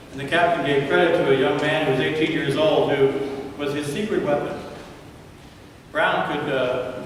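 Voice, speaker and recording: A man preaching a sermon as pastor, telling a story dramatically and dropping to hushed tones at times. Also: mid-range voice, a little hiss or hum. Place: large church sanctuary. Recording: echoey church hall from far off.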